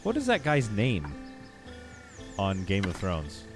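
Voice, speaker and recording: Lively low-voiced man streaming a game. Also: slow. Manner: chatty, bantering with chat, thinks aloud with restarts. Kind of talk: casual live-stream commentary while playing. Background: background game music.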